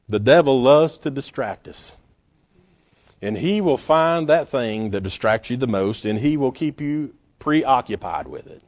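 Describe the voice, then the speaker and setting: A male pastor preaching a sermon, telling the story with animated, acted-out scenes and frequent laughs. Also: mid-range voice, no echo.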